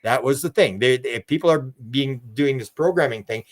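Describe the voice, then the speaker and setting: An older man from Canada talks as a guest in a relaxed interview. He rambles from story to story, stumbling over repeated words and restarting sentences. His voice sits at an ordinary middle pitch for a man. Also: normal speed. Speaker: guest, UFO researcher.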